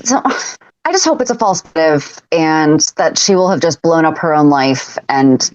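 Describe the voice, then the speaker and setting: A woman co-hosting a podcast in casual chat, speculating in quick, chatty bursts. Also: sits low, animated, a little mellow, highs cut off. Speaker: podcast co-host.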